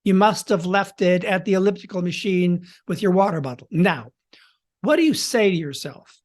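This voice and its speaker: A man hosting a podcast as a storytelling coach, teaching in a theatrical way with dramatic pauses and shifts in tempo and volume. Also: sits high, animated.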